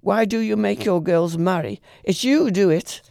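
A woman's voice: medium pitch, normal speed, vocal fry, warm tone, dry recording, studio quality, lightly acted. A woman voicing a fretful, possessive old grandfather who mutters and pleads bitterly. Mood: angry outburst.

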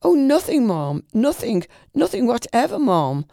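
Rich: A flustered, stammering old gentleman from a storybook, played by a male reader, pleading and earnest. His voice sits a touch higher than usual and has a gravelly, dark grain, recorded dry and close. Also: expressive, moderate pace, no echo. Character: flustered, modest elderly gentleman in a nightcap.

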